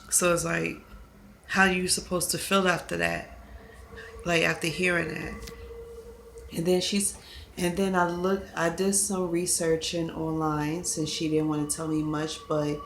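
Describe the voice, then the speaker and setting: A woman talking through a personal confessional vlog, upset and halting, often repeating herself. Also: on the low side, creaky, slight background noise. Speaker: vlogger.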